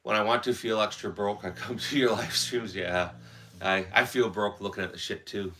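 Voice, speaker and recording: Congested and nursing a sore throat, this Wisconsin man with a local accent hosts a casual live-stream chat and reads viewer comments aloud. His fairly low voice is steady and sharp, at a normal speed.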